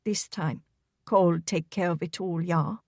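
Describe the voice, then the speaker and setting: A woman voicing a warm young pregnant German housewife who speaks soft, broken English with a German accent. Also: medium pitch, fairly even intonation, moderate pace, no room sound, clean studio sound, close to an everyday voice. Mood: sad.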